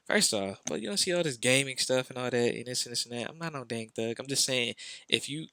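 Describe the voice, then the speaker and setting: Casting: young male vlogger, bright forward tone, rambling slangy storyteller, dry room, faint music. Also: medium pitch, no room sound. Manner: rambling, filler-heavy, slangy. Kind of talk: casual storytelling.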